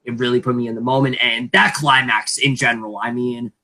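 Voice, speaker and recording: A man's voice: mid-range voice, fairly even intonation, a little fast, pushed and bright. A man who is losing his voice giving blunt, profane film opinions as a co-presenter. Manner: opinionated, swearing, rambling reviews. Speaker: award show presenter. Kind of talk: casual comedic awards chat.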